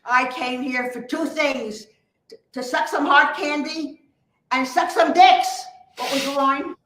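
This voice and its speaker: A woman's voice: sits high, fairly even intonation, measured pace, fairly bright tone. A woman fumbling a quoted line while laughing. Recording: echoey room with noise.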